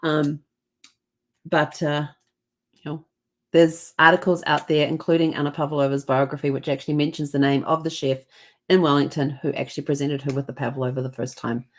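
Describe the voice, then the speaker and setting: Woman with a New Zealand accent, low voice, chatty storyteller who acts out the dialogue. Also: level tone, brisk. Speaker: host. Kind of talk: casual storytelling.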